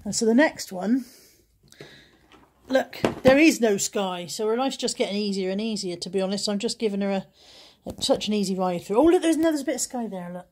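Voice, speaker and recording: A woman's voice: mid-range voice, expressive, fast talker, a little mellow, slight background noise. A middle-aged woman, chatting casually to a handheld phone camera in her vlog diary, self-deprecating and talking to her dog. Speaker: vlogger.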